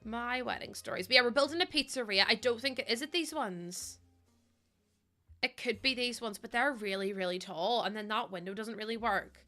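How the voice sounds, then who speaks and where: A chatty woman streams a game, with a bright voice pitched a little high. She rambles and giggles, fills gaps with ums, and slips into baby talk for her dog. Soft music plays quietly behind her. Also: moderate pace. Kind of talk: casual gameplay chat.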